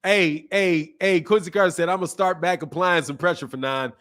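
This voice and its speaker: Man, high voice, slangy casual livestream host, laid-back, sore throat. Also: steady tone, fairly quick, fairly bright tone. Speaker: boxing channel host. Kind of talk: casual livestream chat reading super chats.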